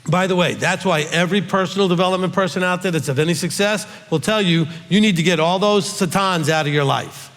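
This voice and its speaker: Middle-aged male teacher, emphatic Q&A delivery, slightly high voice, long hall reverb. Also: fairly quick, few pauses, a bit bright. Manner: emphatic, with frequent "okay?" check-ins. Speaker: rabbi teacher.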